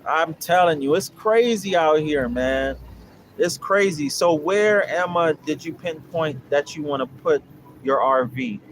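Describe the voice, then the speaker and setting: Young guy swearing a lot and ranting about life and land deals, kinda high voice, light street noise behind. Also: expressive, unhurried. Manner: blunt, profane, repetitive preaching. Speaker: land investing coach and livestream host. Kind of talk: casual livestream talk answering viewers.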